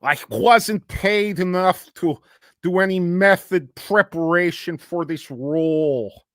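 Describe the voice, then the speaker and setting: A man putting on a slow, heavy-accented poker boss. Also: sits high, dry recording, studio quality. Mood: menacing. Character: menacing Russian-accented male poker boss, gruff.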